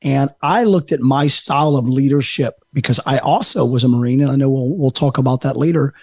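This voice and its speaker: A man with a mid-range voice speaks earnestly as a podcast guest, thoughtful and steady. He is from the United States, and the recording is dry. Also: mid-range voice, brisk, dry recording. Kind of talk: casual interview.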